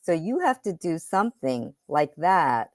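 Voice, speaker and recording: A woman's voice: low-pitched, sing-song, measured pace, darkish tone, no room sound. A woman guest on a talk show, explaining an idea with step-by-step examples and often checking in with "right?". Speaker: podcast host guest. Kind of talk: conversational interview. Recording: dry close sound.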